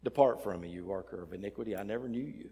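A pastor voicing a stern, solemn heavenly voice that judges who may enter. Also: male voice, on the low side, quick pace, mellow, slightly rough, voice pushed down. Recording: long church reverb.

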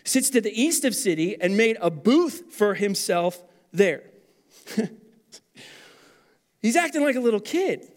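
A man in his thirties preaching a sermon as pastor, animated and then dropping to quiet intensity. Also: high voice, takes it slowly, pauses often.

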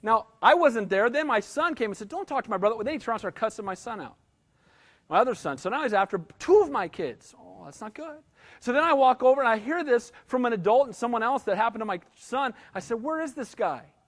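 High-voiced preaching pastor, man. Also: lively intonation, a little fast. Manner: conversational preaching with asides and audience prompts. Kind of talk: sermon.

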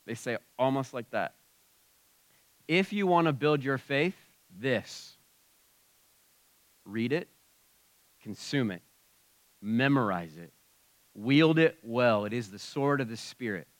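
Man preaching a casual, animated sermon. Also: mid-range voice, slow pace, long pauses, no echo. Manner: conversational preaching with shifts in loudness. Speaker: pastor. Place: church sanctuary.

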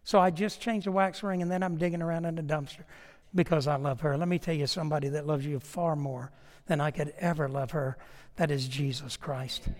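A man preaching, his voice sitting high for a man. He tells stories folksily and with humor, then presses his point earnestly. A long hall reverb trails behind every phrase. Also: steady tone, a little fast, darkish tone. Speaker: pastor. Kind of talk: storytelling sermon.

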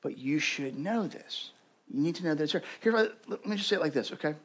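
Young male pastor, slightly high voice, loose and chatty sermon delivery that pushes into urgent stress. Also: lively intonation, moderate pace, husky. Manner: conversational, full of "like" fillers, rising to urgent emphasis.

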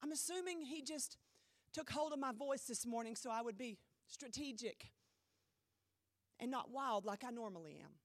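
A woman pastor preaching a sermon in a church, emphatic with dramatic pauses, her voice a little strained. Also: on the high side, lively intonation, dry recording, studio quality. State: voice trouble, slightly strained.

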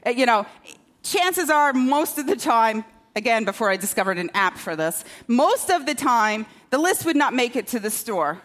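Preaching with big swings in pitch, the pastor's fairly high, fairly bright voice moves at a moderate pace. She talks to the congregation conversationally, making jokes at her own expense and tossing in a rhetorical "okay?" to check in.

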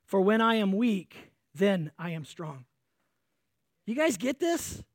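A pastor's sermon from a man with a strikingly high voice. He preaches with energy, sweating, pushing hard on key words and then dropping into quiet intensity. The sound is dry and close. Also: very animated, slow pace, no room sound.

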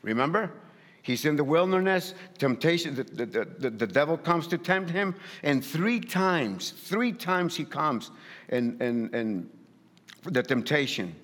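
A man's voice: fairly high pitch, lively intonation, a little slow, fairly bright tone, big-room sound. A man preaching a sermon in a light accent, emphatic and repetitive, often restarting his phrases. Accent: non-native English. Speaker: pastor.

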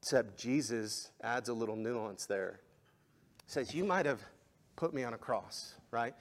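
A man preaching a sermon as pastor, impassioned, rising to emphatic peaks and then dropping quiet. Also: medium pitch, measured pace. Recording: long hall reverb.

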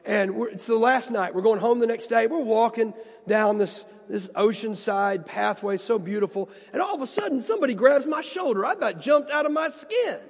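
A man's voice: extremely high pitch, animated, normal speed, slightly rough, in a large hall. A man preaching a sermon and telling personal stories, earnest and prone to repeating words. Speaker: pastor.

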